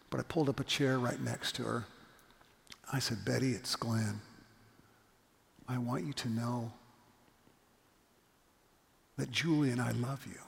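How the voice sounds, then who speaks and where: A man's voice: medium pitch, creaky. A middle-aged male pastor preaching a sermon, telling a story earnestly and repeating his point with emphasis. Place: church sanctuary. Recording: long reverb of a church hall.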